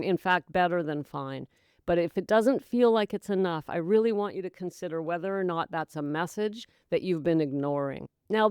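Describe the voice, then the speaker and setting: A middle-aged woman hosting a sobriety podcast, giving an emphatic motivational talk that calls listeners "gals" and "my dear" and slips into hushed whispers. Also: fairly low pitch, clear, resonant tone, no room sound, clean studio sound. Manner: dramatic voices and hushed whispers for effect. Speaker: podcast host, sobriety coach. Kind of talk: motivational monologue.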